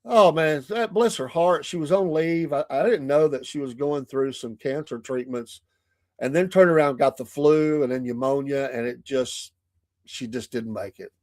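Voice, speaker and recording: A man's voice: medium pitch, normal speed, darkish tone, no echo, studio quality. A Southern American man hosting a morning livestream show, chatty and folksy, laughing often. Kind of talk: casual livestream chat. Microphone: streaming mic.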